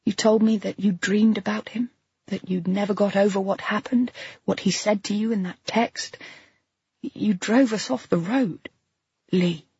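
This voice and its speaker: A woman voicing a gentle, worried woman friend who speaks quietly and pleadingly in an audiobook. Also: mid-range voice, steady tone, unhurried, breathy edge, no room sound, muffled recording. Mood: quietly probing. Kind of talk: audiobook character voice.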